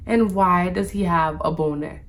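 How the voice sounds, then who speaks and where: This is a woman with a fairly low voice and a measured pace. As a vlogger, she faces her viewers and tells a personal story in an informal monologue, leaning on "like" in nearly every phrase.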